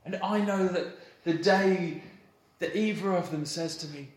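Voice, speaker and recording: A man in his thirties, a pastor, giving a sermon in a church hall with a warm, playful storytelling manner and light laughter. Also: sits high, unhurried. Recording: roomy hall echo, faint ambience.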